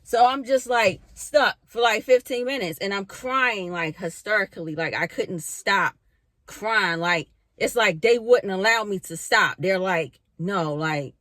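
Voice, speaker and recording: Slow-talking woman telling her story. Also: mid-range voice, no echo, studio quality. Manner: animated, filler-heavy, swears casually. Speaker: spiritual vlogger. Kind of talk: casual storytelling to camera. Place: bedroom. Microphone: camera in a bedroom.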